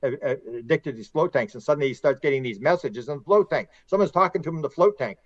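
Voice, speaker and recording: A middle-aged man, a podcast guest and author, telling long stories in a rambling, animated way and acting out quotes. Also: on the high side, fast, dry recording, dull audio. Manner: animated, rambling storyteller who acts out quotes. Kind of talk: casual conversational storytelling.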